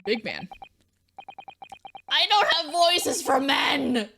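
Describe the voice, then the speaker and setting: A young woman streamer giving casual, joking commentary with quick asides while she plays a game. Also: high-pitched, expressive, gravelly, background noise. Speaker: let's play streamer. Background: game music.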